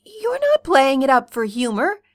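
A woman's voice: high-pitched, huge pitch swings, unhurried, no room sound, clean studio sound, voice pushed up, heavily acted. A woman playing a cheerful young man. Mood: earnest. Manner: bright and casual. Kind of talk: fan fiction reading.

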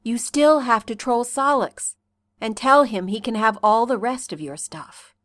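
Slow, soft-spoken woman reading a story. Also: a little high, dry recording. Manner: slow, soft second-person narration. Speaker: reader. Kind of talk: reading fan fiction aloud.

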